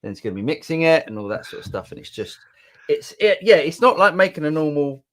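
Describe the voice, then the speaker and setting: A man's voice: on the high side, big pitch swings, fast. A British man co-hosting a live chat show, chatty and rambling, with restarts. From Britain. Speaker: co-host. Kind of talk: casual live-stream chat.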